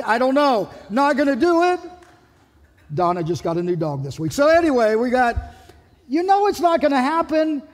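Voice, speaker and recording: A man preaching a sermon as pastor, animated and acting out the people he quotes. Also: extremely high pitch, long reverb tail. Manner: animated, acts out quoted voices. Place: church sanctuary.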